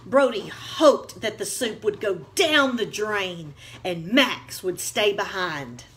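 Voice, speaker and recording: Slow, expressive woman reading a storybook. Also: medium pitch, slight background noise. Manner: expressive, deliberate. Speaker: teacher. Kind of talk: storybook read-aloud for children.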